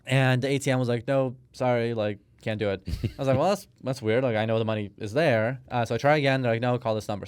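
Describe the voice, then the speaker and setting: A man in his thirties, born in Russia, talks through his story as a podcast guest, stopping and restarting often. His voice is smooth and clear. The mic is close and the sound is dry, with no room around it. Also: mid-range voice, no echo. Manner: storytelling, hesitant with many restarts and fillers. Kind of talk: conversational interview.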